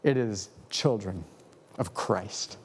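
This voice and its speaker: A male pastor telling a story in a sermon, with dramatic pauses and a storytelling manner. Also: breathy edge. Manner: slow, dramatic pauses, lively pitch.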